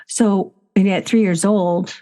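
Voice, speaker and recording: A middle-aged woman co-hosting a spiritual chat show, telling stories in a gushing, warm-hearted way. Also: medium pitch, fairly even intonation, slow pace. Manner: gushing, storytelling. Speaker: podcast co-host.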